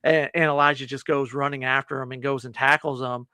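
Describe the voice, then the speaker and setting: A man co-hosting a laid-back movie review chat, his voice bright and forward, recorded close and dry. He rambles through the plot and acts out the lines of the characters as he goes. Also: mid-range voice, flat delivery, brisk, clean tone, no room sound. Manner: rambling, retells scenes with quoted lines. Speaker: podcast co-host.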